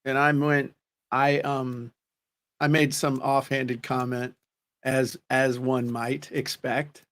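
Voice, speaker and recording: A man's voice: medium pitch, little pitch movement, slow pace, fairly bright tone. A man co-hosting a show, telling stories in a casual, joking chat. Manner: joking storyteller, self-deprecating. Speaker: co-host.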